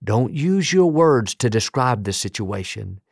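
A man's voice: mid-range voice, big pitch swings, measured pace, creaky, dry recording, studio quality. A man preaching a sermon as pastor, emphatic and building rhythmic lists of declarations.

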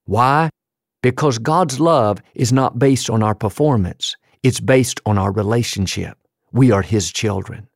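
A man's voice: mid-range voice, a little mellow, dry recording, clean studio sound. A man preaching a sermon, telling a story earnestly and acting out the quoted lines. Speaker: pastor.

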